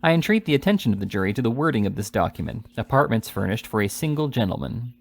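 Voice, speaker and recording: A man's voice: medium pitch, big pitch swings, quick pace. Man reading as grandiose male barrister, pompous, declamatory, raised voice, storybook reading. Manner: grandiose, declamatory courtroom oratory.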